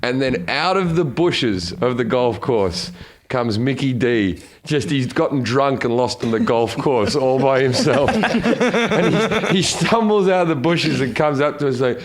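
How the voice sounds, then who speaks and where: A man's voice: medium pitch, expressive, a little slow. A man hosting a comedy podcast, telling crude stories in a loose, rambling way. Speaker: podcast host. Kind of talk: casual comedy podcast chat.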